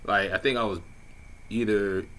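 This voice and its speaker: A man's voice: on the low side, steady tone, normal speed, fairly bright tone. A man casually telling a personal story, laid-back and slangy with plenty of swearing and fillers. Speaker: vlogger telling a dating story.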